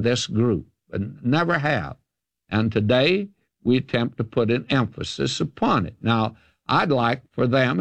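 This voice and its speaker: An older man, giving a listener's question a firm, folksy answer as a radio Bible teacher. His pitch swings widely as he presses each point home. The recording is close and dry. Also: no echo. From American South. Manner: emphatic, folksy, opinionated.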